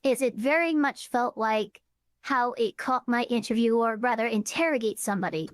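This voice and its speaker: A woman's voice: fairly high pitch, moderate pace, no room sound. A woman calling in to a stream, speaking frankly and critically. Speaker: caller. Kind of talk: casual call-in chat.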